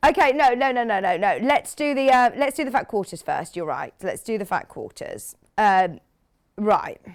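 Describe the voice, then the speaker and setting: Brief: woman TV shopping presenter, enthusiastic and chatty, banters with crew, mid pitch. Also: animated, normal speed. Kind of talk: live TV sales presentation.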